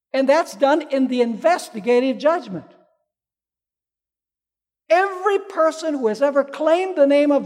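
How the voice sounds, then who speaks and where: A man's voice: very high-pitched, darkish tone. A man preaching a sermon. He asks the congregation questions, answers them himself, and acts out the people in a parable with changing voices. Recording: long reverb of a large hall.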